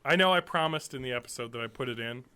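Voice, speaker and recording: Here a man in his thirties co-hosts a podcast, keeping the talk loose and lively, laughing and cursing frequently. He speaks fast in a mid-range voice whose tone is sharp, clear and resonant.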